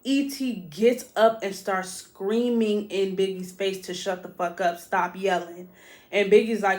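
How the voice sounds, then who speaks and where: A woman hosting a podcast, recapping a reality show in a casual, profane, animated way and talking straight to listeners. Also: mid-range voice, a little slow. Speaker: podcast host.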